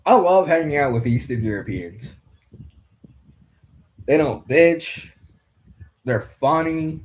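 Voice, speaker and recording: A man's voice: a little high, animated, slow. Young man, rambling fight commentary, loose casual talk. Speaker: podcast host commentating a fight card.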